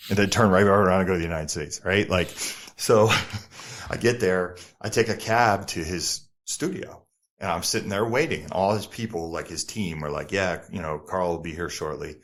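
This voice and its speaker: A middle-aged man with a New Jersey accent, a podcast guest telling a story in a lively, profane way and acting out other people's lines. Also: low-pitched, moderate pace. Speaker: podcast guest, former model. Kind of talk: casual storytelling interview.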